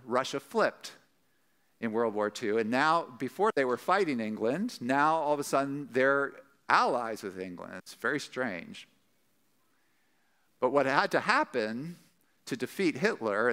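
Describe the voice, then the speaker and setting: A man preaching a sermon, talking through a Bible passage and acting out the quoted voices with a lot of energy. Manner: animated, acts out quoted voices with rising pitch. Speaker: pastor.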